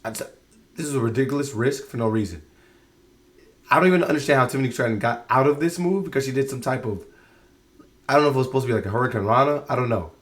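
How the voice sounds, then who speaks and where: A man's voice: medium pitch, lively intonation, quick pace, long pauses. A man giving a casual spoken review of a show, exasperated and rambling, often restarting his sentences.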